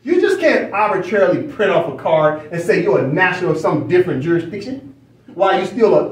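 A man's voice: high voice, recorded from a distance. Emphatic man lecturing in an echoey room. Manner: emphatic, repeats phrases, asks rhetorical questions. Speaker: study session teacher. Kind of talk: lecturing while reading from a screen.

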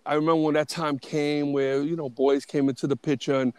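A man in his fifties telling stories as a podcast guest, animated and restarting often. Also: on the high side, brisk, clean tone, dry recording. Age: 50s. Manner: animated, restarts often, acts out quoted voices. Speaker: interview guest, booking agent. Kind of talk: casual storytelling.

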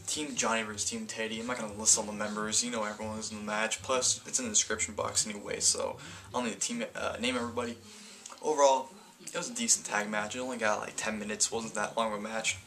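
Bright-voiced man rambling through a review. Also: lowish voice, flat delivery, brisk. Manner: rambling, stumbling, self-correcting. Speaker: wrestling event reviewer. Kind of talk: casual video review.

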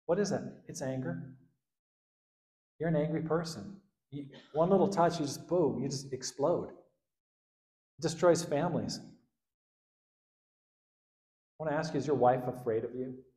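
A man preaching a sermon as pastor, animated, swinging between loud outbursts and quiet asides and acting out the quotes. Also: a little high, slow pace, pauses often, reverberant. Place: church hall.

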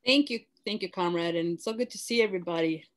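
A woman's voice: lowish voice, quick pace. Woman reading her poem with force. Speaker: poet. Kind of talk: poetry reading. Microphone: video call.

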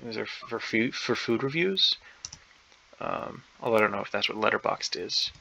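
Gravelly man muttering through a puzzle. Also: lowish voice, animated, moderate pace, a crowd in the background. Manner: hesitant, unsure, many ums and self-doubts. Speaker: crossword solver. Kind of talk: thinking aloud while solving a puzzle. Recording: dull lo-fi recording.

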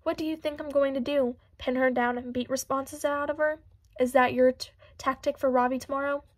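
A woman voicing a witty, dry-humored teenage girl detective with deadpan quips. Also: high-pitched, a little fast, no echo, natural voice. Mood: wry.

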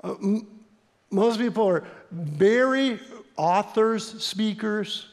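Slow-preaching pastor in a reverberant church. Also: male voice, high-pitched. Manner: earnest storytelling with emphatic repetition. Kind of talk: sermon. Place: church sanctuary.

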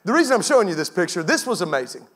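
Man in his thirties, guest pastor, high voice, energetic storytelling sermon. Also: racing.

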